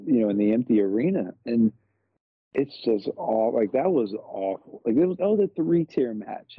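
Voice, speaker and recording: A man co-hosting a wrestling podcast, telling the story with lively disbelief in casual chat. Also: mid-range voice, husky, dry recording. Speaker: podcast co-host. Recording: dull lo-fi sound.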